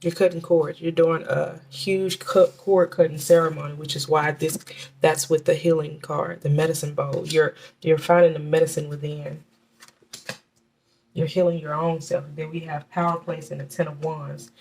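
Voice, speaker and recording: A woman's voice: low voice, level tone, creaky, a little mellow, slight background noise. Chatty woman reading tarot cards. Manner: chatty, halting, many restarts and fillers. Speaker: tarot reader.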